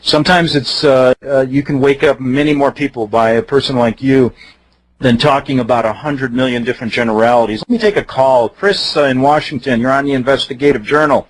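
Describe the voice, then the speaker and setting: A man's voice: mid-range voice, fairly quick, no echo, low-quality recording. A man hosting a radio talk show, affirming his guest and taking calls. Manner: affirming listener, short backchannels. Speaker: radio host. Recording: dry radio studio.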